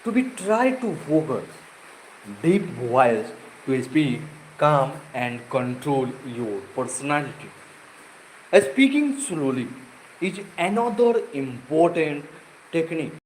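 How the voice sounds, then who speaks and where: Slow, halting man practicing a speech. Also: fairly high pitch, sing-song, a little hiss or hum, rough recording. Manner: slow, halting delivery with pauses and self-corrections. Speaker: self-improvement vlogger.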